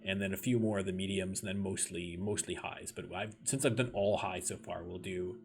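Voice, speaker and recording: A man's voice: low-pitched, fairly even intonation, brisk, gravelly, darkish tone. A Canadian man with a Canadian accent giving chatty let's play commentary, wandering off on tangents. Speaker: gaming streamer. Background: game music.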